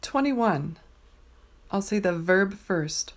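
A woman teaching pronunciation, saying each word slowly and clearly, with pauses between words. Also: medium pitch, a little mellow. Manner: carefully enunciated single words with pauses. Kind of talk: slow, deliberate pronunciation drill.

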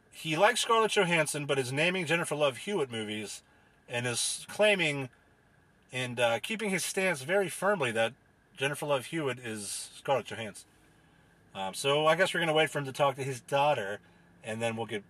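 A man hosting a comedy panel in an exasperated, deadpan, crude way, steering the segment along. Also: medium pitch. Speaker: host, panel moderator.

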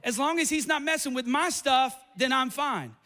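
A man preaching a fiery sermon, repeating lines and building up to shouts. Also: very high voice, moderate pace.

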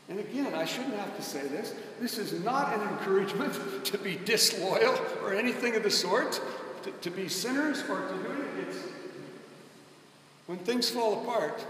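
A man's voice: high-pitched, fairly bright tone, slight background noise. A man preaching a sermon in a conversational, emphatic way, calling on the congregation to answer him. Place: church. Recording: echoey church hall, mic at a distance.

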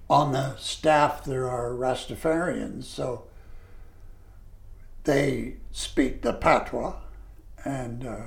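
An older retired lecturer telling stories of his past, animated when he quotes people. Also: medium pitch, gravelly. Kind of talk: reminiscing storytelling.

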